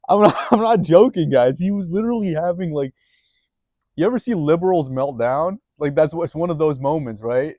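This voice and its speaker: A man's voice: a little high, lively intonation, fairly quick, dark tone, dry recording. A man telling a story in a rambling, profane, casual way, full of restarts and chuckles.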